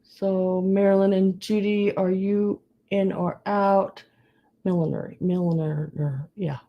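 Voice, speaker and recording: A woman's voice: medium pitch, steady tone, slow, dull audio. A woman running a live online sale, chatting casually and calling to bidders by name. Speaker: live auction seller.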